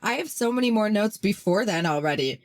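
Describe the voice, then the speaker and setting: A woman's voice: mid-range voice, fairly quick, slight background noise. A woman chatting casually on a podcast, laughing often and reading out her notes. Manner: laughing, animated, reads out her own notes. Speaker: guest podcast co-host.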